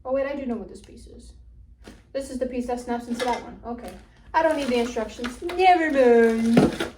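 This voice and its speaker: Putting something together on camera in a room at home, this young woman keeps up a casual vlog, blunt and foul-mouthed, muttering as she goes and slightly winded. Her voice is a little high with a darkish tone, and she talks fast. The audio is echoey, picked up by a distant mic with a little hiss or hum.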